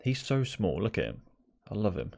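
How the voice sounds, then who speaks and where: A man's voice: fairly low pitch, very animated, normal speed, creaky, a little mellow. Exasperated man commentating gameplay. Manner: exasperated, chatty, talks to the players on screen. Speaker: gaming video creator.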